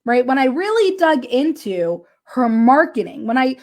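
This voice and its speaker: Laughing often and animated throughout, a woman who works as a business coach recounts a client story in a casual motivational talk, checking in with listeners by saying "right?" Her voice is high and her pace measured.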